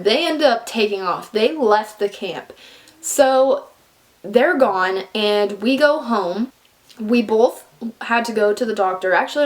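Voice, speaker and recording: A young woman telling a personal story in a casual, animated way, full of "like" and the odd swear word. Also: medium pitch. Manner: animated, fillers of "like", swears for emphasis.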